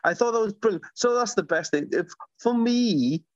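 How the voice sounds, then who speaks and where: A man's voice: high-pitched, expressive, moderate pace, no echo. A middle-aged man chatting as an interview guest, eager and rambling, tripping over his words as he tells stories. His voice sounds dull and lo-fi, with a dry, close sound. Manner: enthusiastic, rambling storyteller with many restarts. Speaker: guest, author. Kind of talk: conversational podcast interview.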